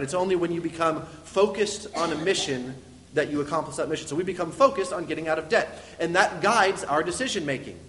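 Young guy preaching, earnest, lots of uhs, slightly high voice, big echoey hall. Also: a bit bright. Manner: earnest, explanatory, with frequent uh fillers. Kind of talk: sermon. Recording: long reverb of a large hall.

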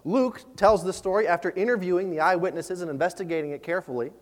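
A male pastor delivers a sermon in a relaxed, conversational way, often doubling words as he thinks aloud. His voice sits high for a man. The sound carries a long reverb, as in a church sanctuary. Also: fast.

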